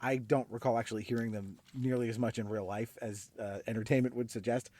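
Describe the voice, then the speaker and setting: A man's voice: mid-range voice, fairly even intonation, fairly quick, mellow. A man from California chatting casually about a film on a podcast, full of "like" and "uh". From Laguna Beach, California. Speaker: podcast co-host.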